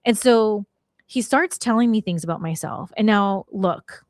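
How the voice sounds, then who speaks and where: A middle-aged woman casually telling a story on her podcast, slangy and animated, acting out the people she quotes. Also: medium pitch, moderate pace, no echo, clean studio sound. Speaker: podcast host.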